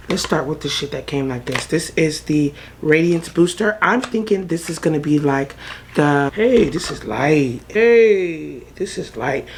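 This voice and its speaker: A woman's voice: low-pitched, a little hiss or hum. A woman vlogger chatting casually through a makeup haul, swearing freely and breaking into song now and then.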